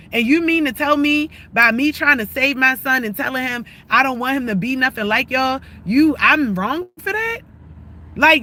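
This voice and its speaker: A woman vents in a heated, profane live-stream rant, circling back and restarting her sentences. Her voice is sharp and tense, pushing hard through the grievances. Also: high-pitched. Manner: agitated, profane, rambling with restarts. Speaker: livestreamer.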